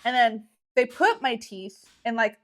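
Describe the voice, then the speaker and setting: A woman's voice: a little high, expressive, a little slow. A young woman co-hosting a podcast, telling a story in casual chat with slang and swearing. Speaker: podcast co-host.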